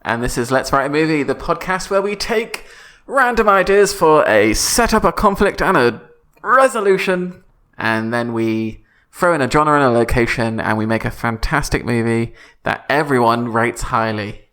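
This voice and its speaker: Animated, playful male podcast host. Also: medium pitch, moderate pace. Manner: playful, giggly teasing. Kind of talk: casual comedy chat.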